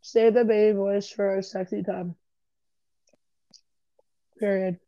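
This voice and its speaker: A woman's voice: medium pitch, flat delivery, slow pace, mellow, dry recording, highs cut off. A woman in casual chat, blunt and crude, laughing often.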